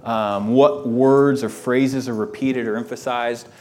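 A man reading a scripture passage slowly and deliberately, then thinking it through aloud as a Bible study teacher. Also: mid-range voice, steady tone, darkish tone.

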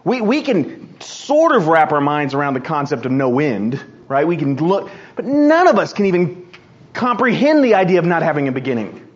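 A man's voice: fairly high pitch, sing-song, moderate pace, highs cut off. A man preaching a sermon in an earnest, emphatic way, often repeating and restarting words.

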